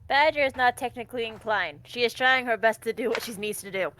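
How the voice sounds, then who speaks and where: A woman's voice: a little high, fairly quick, fairly bright tone. A woman playing a tabletop game, describing what her character does in the third person. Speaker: player. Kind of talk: casual tabletop game chat.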